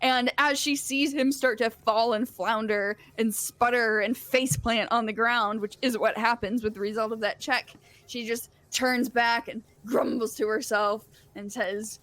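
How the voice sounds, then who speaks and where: High-voiced woman running a tabletop game. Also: a little slow. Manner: laughs often, lively narration. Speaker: game master.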